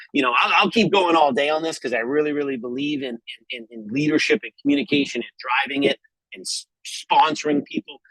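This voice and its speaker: A man's voice: medium pitch, bright, forceful tone, slightly rough, dry recording, poor audio. A middle-aged man giving an emphatic, motivational talk on a group call about building a sales team, often repeating himself and checking in with "okay?". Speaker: network marketing leader speaking on a group call.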